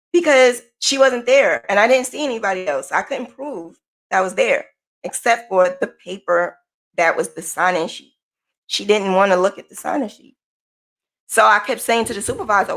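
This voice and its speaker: A woman's voice: on the high side, expressive, moderate pace. A woman podcast host from the United States, telling a personal story in a casual, emphatic way and repeating her points.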